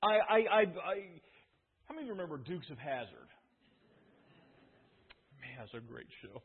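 Man, pastor, sermon, husky, tinny phone sound. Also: fairly high pitch, sing-song, measured pace. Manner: storytelling, emphatic with repeated restarts.

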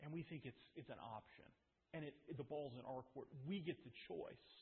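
A man's voice: mid-range voice, fairly quick, slightly rough. A male pastor preaching an earnest, emphatic sermon in a church, repeating his points. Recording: tinny, echoey church hall.

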